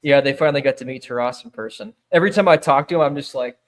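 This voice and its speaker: A man's voice: medium pitch, expressive, fast. A man chatting casually as a guest, telling stories loosely with many fillers and easy laughs. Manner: rambling storyteller, many fillers, laughs easily. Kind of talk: casual chat.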